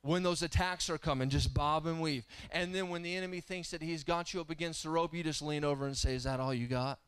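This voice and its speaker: A man's voice: a little high, steady tone, fast talker, fairly bright tone, clear, resonant tone, dry recording. A man in his thirties preaching a sermon in church, telling stories and building to fervent exhortation. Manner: storytelling, rising to fervent preaching. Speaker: guest preacher. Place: church sanctuary.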